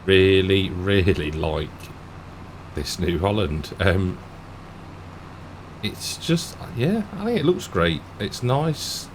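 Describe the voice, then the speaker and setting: A man's voice: fairly low pitch, a little hiss or hum. A man giving casual, rambling commentary while playing a farming game, often chuckling to himself. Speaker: gaming YouTuber.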